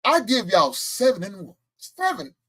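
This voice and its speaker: Here the host of a laid-back live-stream sports show boasts about his calls and answers the chat with laughs and trash talk. His voice is a little high, a bit bright and sing-song, at a normal speed.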